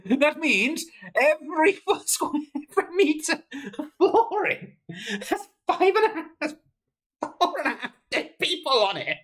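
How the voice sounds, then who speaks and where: A woman's voice: high-pitched, sing-song, unhurried. A woman streaming her game development, talking casually, swearing and laughing helplessly as she works things out aloud. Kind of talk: casual livestream commentary.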